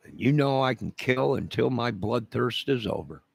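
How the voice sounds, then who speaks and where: A man's voice: mid-range voice, expressive, normal speed, gravelly, breathy edge, dry recording. A man from Chicago in a rambling direct-to-camera rant, menacing and repetitive, leaning hard on his words for emphasis.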